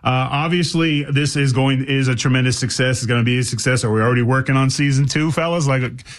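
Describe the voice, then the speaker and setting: A man from Boston hosts a casual interview, firing off chatty questions that stumble and restart. His voice sits at an ordinary middle pitch. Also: quick pace. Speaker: host.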